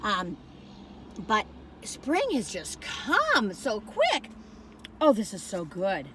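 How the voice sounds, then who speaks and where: A woman's voice: medium pitch, huge pitch swings, slow, background noise. A woman in her sixties rambles chattily through a food review, talking straight to her viewers from inside a parked car on a phone camera. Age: 60s.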